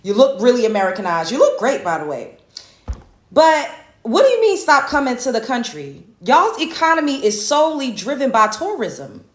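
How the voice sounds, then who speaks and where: Reaction host, American woman, profane and blunt, slightly high voice, echoey room. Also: sing-song, normal speed. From United States. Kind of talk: reaction commentary rant.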